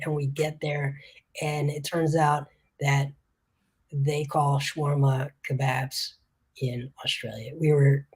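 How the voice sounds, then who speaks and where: A woman with a low, husky voice tells a story in a casual podcast chat. She is animated and laughs between punchlines.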